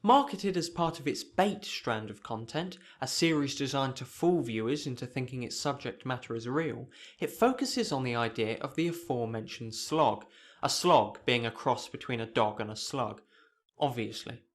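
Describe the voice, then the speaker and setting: A man's voice: medium pitch, expressive, moderate pace. A young man narrating a scripted video essay in a dry, sardonic manner.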